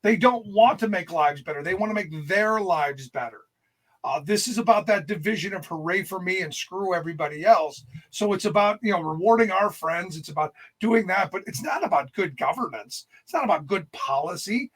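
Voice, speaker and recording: A high-voiced man with a husky, slightly rough tone talks politics as a guest. He is blunt and emphatic, driving his points hard and now and then pushing almost to a shout. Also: lively intonation, fairly quick. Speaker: guest, political radio host. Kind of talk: political discussion.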